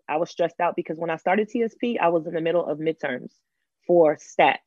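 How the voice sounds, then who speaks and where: A woman in her thirties from Los Angeles, telling her story as an interview guest, animated and acting out other people's lines. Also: sits low, a little fast, no echo, highs cut off.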